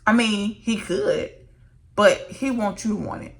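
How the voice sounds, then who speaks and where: A woman's voice: medium pitch, measured pace. A woman minister giving a candid, emotional faith testimony to her viewers and calling them "y'all.". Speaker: licensed minister and vlogger.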